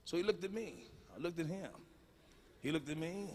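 A man doing a live stand-up routine with loud, emphatic storytelling that drops to hushed asides. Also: fairly high pitch, moderate pace, background noise. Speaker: stand-up comedian. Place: large live venue.

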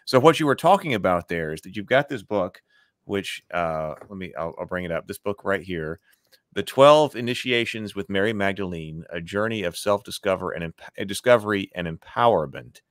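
A man hosting an interview podcast, speaking in a casual, halting way with frequent restarts. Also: deep voice, animated, dry recording, clean studio sound. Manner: halting, restarts his sentences. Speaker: podcast host.

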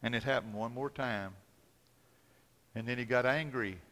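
Male pastor preaching with dramatic storytelling, forceful bright voice, long church reverb. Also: medium pitch, moderate pace. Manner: dramatic storytelling, swinging from loud to hushed. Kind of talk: sermon. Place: church sanctuary.

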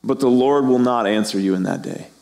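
A middle-aged man preaches a sermon to his congregation. He keeps it animated and slips into the voices of the people in the story. His voice sits at an ordinary middle pitch. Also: brisk, gravelly. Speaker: pastor.

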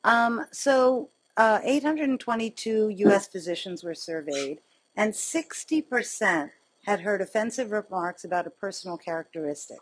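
A middle-aged woman doctor gives a lecture to colleagues in a loose, conversational way. Her voice has a husky, slightly breathy edge. She is chatty, mocks herself, and moves quickly from point to point with a ready wit. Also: mid-range voice, lively intonation. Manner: chatty, self-mocking anecdotes with quick wit. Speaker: physician giving a lecture.

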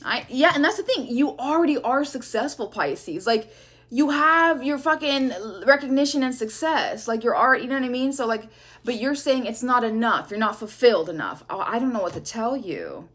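A woman's voice: a little high, expressive, normal speed, fairly bright tone, husky. A woman giving a casual tarot reading, talking bluntly with lots of swearing and a sassy edge. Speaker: tarot reader.

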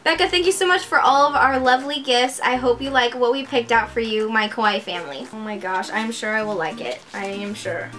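A young woman chatting excitedly on her vlog as she unboxes a gift package, gushing with many exclamations. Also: a little high, normal speed. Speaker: vlogger.

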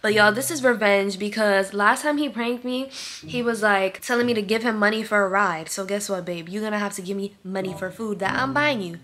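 A woman's voice: medium pitch, steady tone, a little fast, background noise. A woman vlogging at home in a casual, chatty way, talking slangy and laughing often as she sets up a prank. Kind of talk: casual prank vlog chat. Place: at home indoors.

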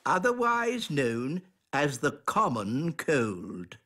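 A patient old cartoon elf doctor, dry delivery, very lively pitch. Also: male voice, slow pace, heavily acted. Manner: calm, matter-of-fact.

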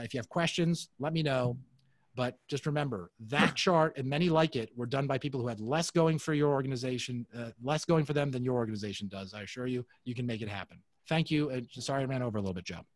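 A man's voice: mid-range voice, quick pace, dry recording. A man presenting a webinar on a video call, enthusiastic and motivational, often calling the audience folks. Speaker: webinar speaker.

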